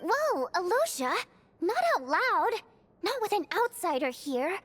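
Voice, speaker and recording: A bubbly, very high-pitched singer. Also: female voice, a little slow, faint music behind, full character voice. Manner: lively, teasing. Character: bubbly young woman lead singer, chatty and teasing. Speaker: game character.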